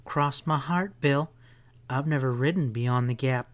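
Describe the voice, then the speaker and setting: A man's voice: mid-range voice, measured pace, lightly acted. A man voicing a fiery, defiant young cowgirl with a throaty voice in a western audiobook. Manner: curt, defiant. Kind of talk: audiobook character voice.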